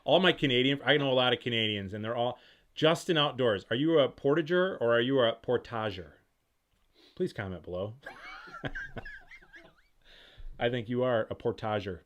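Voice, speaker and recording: A man hosting a casual live-stream Q&A from home, talking fast and jumping between thoughts as he reads viewer comments aloud and reacts to them. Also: medium pitch, a bit bright. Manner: rapid, rambling, jumps between thoughts. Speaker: host of outdoor gear channel.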